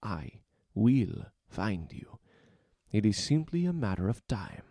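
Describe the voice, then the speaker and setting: A man voicing a grieving, obsessed undead king with a Spanish accent, speaking slowly and softly with quiet menace. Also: on the low side, sing-song, no echo, studio quality, full character voice. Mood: tender.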